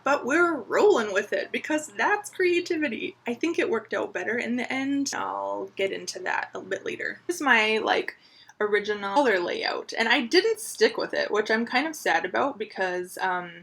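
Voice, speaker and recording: Woman, crochet vlogger, breathy, upbeat, chatty show-and-tell. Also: on the high side, animated, normal speed, a bit bright. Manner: chatty, upbeat, lots of fillers.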